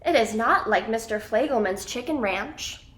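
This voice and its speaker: A woman telling a children's story in an expressive, animated way. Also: on the high side, normal speed.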